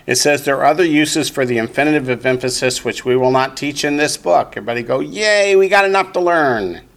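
This male Hebrew teacher has a mid-pitched voice and a steady, deliberate classroom delivery. His lesson runs on call-and-response, with slow explanations and the group repeating after him.

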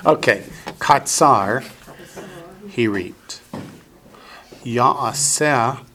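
A man's voice: mid-range voice, extremely slow, bright, forceful tone. A man teaching Biblical Hebrew in a classroom, patiently drilling students with call-and-response.

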